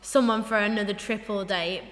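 A woman's voice: medium pitch, steady tone, normal speed, fairly bright tone, in a large hall. A young woman co-hosting a podcast, chatting casually and playfully, slipping into mock voices. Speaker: podcast co-host. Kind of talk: casual chat.

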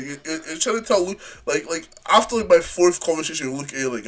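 A young man co-hosting a casual podcast chat, animated and often laughing. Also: a little high, quick pace, a crowd in the background. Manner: animated, laughing, excitable outbursts. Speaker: podcast co-host.

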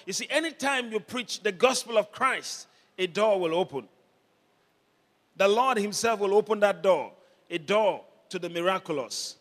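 Male pastor, high bright voice, slow deliberate sermon delivery, call-and-response, echoing church hall. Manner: call-and-response preaching, rising to shouts. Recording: long hall reverb.

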